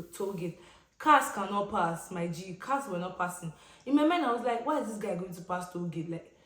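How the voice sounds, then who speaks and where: A young Nigerian woman vlogger telling a casual storytime, chatty and expressive, with slang and pidgin asides. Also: medium pitch. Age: young adult. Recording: roomy echoey room.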